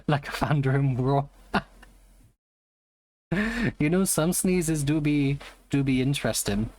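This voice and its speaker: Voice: mid-range voice, slow pace, darkish tone, dry recording. A live streamer in casual chat, rambling and greeting viewers by name.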